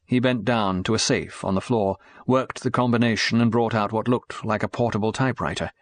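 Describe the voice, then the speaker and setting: Low-voiced male audiobook narrator. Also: fairly quick, hardly any pauses, no echo. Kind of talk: scripted narration.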